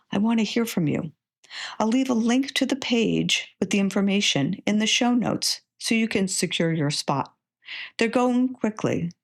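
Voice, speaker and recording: A woman hosting a podcast, slowly and deliberately modeling letter sounds as she teaches reading. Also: mid-range voice, vocal fry. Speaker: podcast host and literacy tutor. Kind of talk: scripted podcast lesson.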